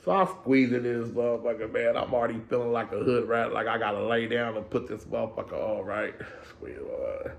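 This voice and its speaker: A man's voice: medium pitch, a little fast, creaky, hardly any pauses, a little hiss or hum. A middle-aged man telling a story in casual, profane slang, acting out the people in it and checking in with "right?". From California. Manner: slangy, acts out voices, keeps asking "right?".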